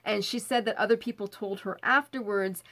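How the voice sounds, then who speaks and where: A woman's voice: medium pitch, a little fast. Tired woman telling a spooky story. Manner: animated, acts out quotes with voice changes. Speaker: vlogger. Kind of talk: casual storytelling.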